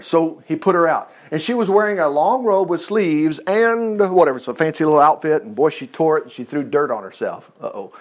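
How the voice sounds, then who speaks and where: A man with a high-pitched voice walks through a Bible story at a casual study. He reads the verses, then breaks off into folksy jokes and asides. His delivery swings between loud, emphatic bursts and low mutters. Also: brisk. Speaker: Bible teacher.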